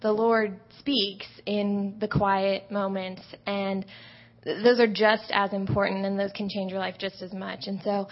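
A young woman in her late teens, a high school student, giving a thoughtful personal testimony with small pauses. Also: flat delivery. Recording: dull lo-fi audio.

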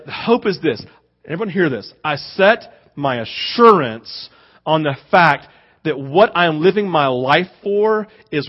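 A man preaching in a high voice, animated and expressive, jumping into playful little impressions before dropping low and intimate. The sound is a bit dull and lo-fi. He sounds like a pastor speaking to his congregation. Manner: animated preaching, acting out voices and rising to loud emphasis. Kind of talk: sermon.

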